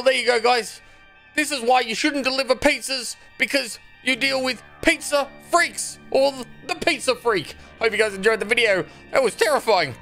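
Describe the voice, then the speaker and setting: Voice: mid-range voice, fairly bright tone. A gaming channel host giving jumpy, joking commentary while playing a horror game, laughing and narrating every move.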